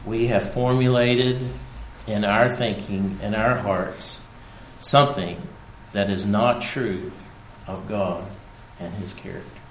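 A man preaching a sermon, repeating his key phrases for emphasis and swinging between hushed and loud delivery. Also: on the low side, fairly even intonation, slow pace, echoey room, a little hiss or hum, rough recording.

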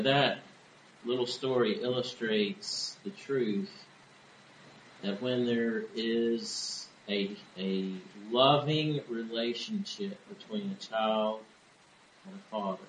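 Slow, measured male preacher in an echoey room. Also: mid-range voice, fairly bright tone, slight background noise. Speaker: pastor. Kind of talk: sermon.

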